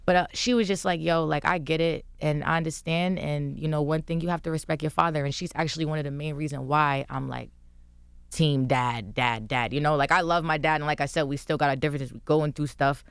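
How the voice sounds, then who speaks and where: Guest: young woman, smooth clear tone, lively story-telling, dry close studio mic. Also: low voice, brisk, no echo. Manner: animated storytelling, acting out quotes. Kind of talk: casual interview chat. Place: radio studio. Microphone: studio microphone.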